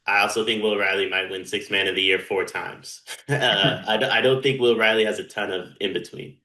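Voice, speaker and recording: A man's voice: on the low side, fairly even intonation, brisk, bright, forceful tone. A man co-hosting a sports podcast, tossing out dry, joking one-liners in casual banter. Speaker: podcast co-host. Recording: echoey room.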